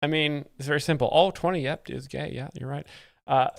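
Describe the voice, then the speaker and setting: A man's voice: a little high, fairly even intonation, fairly quick, gravelly, no room sound. A young man hosting a comedy live stream, explaining jokes in an ironic, fake-earnest, rambling way. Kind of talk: mock-expert comedy commentary.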